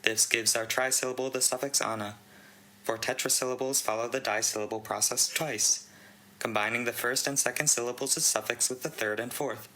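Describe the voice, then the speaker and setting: Bright-voiced man reading a write-up. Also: mid-range voice, fairly even intonation, fairly quick, rough recording. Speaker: channel host reading a contest entry. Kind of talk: reading a conlang write-up aloud.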